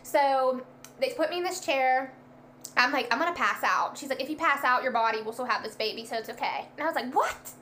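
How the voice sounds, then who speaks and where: Young woman, casual storyteller, animated, bright and slightly high voice. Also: fairly quick, a little hiss or hum. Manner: animated, lots of "like", acts out quoted lines. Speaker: guest telling a birth story.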